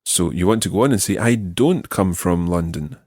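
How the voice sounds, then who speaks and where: A Scottish man teaching a language lesson, patiently modelling phrases slowly for the learner to repeat. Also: sits low, expressive, darkish tone, breathy edge, dry recording, studio quality. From Scotland. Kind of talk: slow, clear language lesson.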